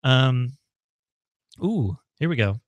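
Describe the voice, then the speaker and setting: A man's voice: medium pitch, lively intonation, slow, dry recording. An American man from home hosting a casual live Q&A stream, chatty and thinking aloud with frequent ums and laughs. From United States. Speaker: livestream host.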